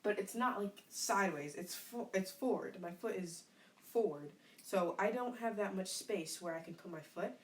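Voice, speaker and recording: Animated woman chatting in her bedroom. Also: mid-range voice, normal speed. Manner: animated, playful, filler-heavy. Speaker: podcast co-host. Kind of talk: casual chat, storytelling.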